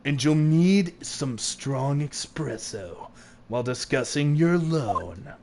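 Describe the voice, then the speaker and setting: A man voicing a gentle, motherly elderly woman, speaking softly and quietly. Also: a little high, lively intonation, takes it slowly, a little hiss or hum, voice pushed down. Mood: sweet.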